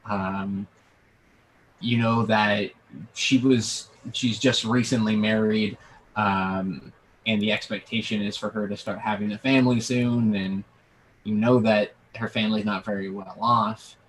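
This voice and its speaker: Male game master, slow halting narration, lower voice. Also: steady tone, slight background noise, poor audio. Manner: slow, halting with many fillers.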